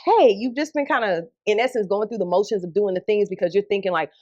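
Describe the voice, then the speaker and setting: Animated Atlanta radio host telling stories. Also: female voice, medium pitch, fast, lo-fi sound. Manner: animated storyteller, acts out quotes. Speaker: radio host, podcast guest. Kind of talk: casual interview chat.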